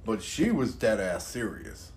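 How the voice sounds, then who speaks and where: Slow-drawling man teasing his co-host. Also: on the low side, big pitch swings, darkish tone. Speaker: podcast co-host. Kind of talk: casual profane chat reacting to videos. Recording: faint background noise.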